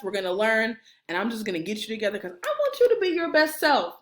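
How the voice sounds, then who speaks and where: Woman, career services director, animated and playful, wide swings in pitch, direct to camera. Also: quick pace. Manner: animated, playful, talks straight to the viewer. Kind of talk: energetic instructional video.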